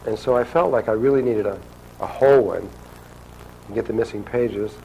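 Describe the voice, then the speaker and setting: A man's voice: lowish voice, moderate pace, gravelly, warm tone, a little hiss or hum, poor audio. A man telling a personal story to an audience in a loose, conversational way, acting out the dialogue. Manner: conversational, acts out quoted dialogue.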